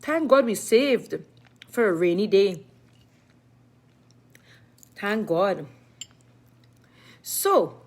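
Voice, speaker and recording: Emphatic middle-aged woman, higher voice. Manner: emphatic and repetitive, speaks of herself in third person. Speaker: live-stream vlogger. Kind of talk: casual talk to viewers.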